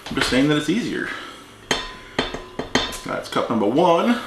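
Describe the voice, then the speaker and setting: A man's voice: a little high, big pitch swings, unhurried, creaky, background noise. A man hosting a casual home cooking video, chatty and joking as he works, teasing his mother. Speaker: home cooking show host. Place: home kitchen. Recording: echoey kitchen with dish clatter. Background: clinking dishes and utensils.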